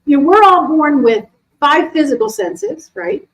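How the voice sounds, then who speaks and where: A middle-aged woman, an animal communicator, chatting casually to a live audience and answering questions in a lively, animated way. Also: high voice, measured pace, rough recording. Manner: chatty, animated, acts out quoted voices. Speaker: animal communicator and intuition teacher.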